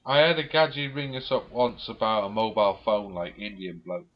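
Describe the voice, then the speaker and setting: Low-voiced rambling man, swearing. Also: fairly even intonation, moderate pace. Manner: rambling storyteller, swears freely, laughs often. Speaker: podcast co-host. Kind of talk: casual chat. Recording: dull lo-fi recording.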